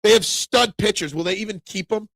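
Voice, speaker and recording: A man hosting a casual sports talk show, opinionated and animated, raising his voice when he rants. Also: high-pitched, brisk, gravelly, no echo. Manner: opinionated, animated, gets loud when ranting.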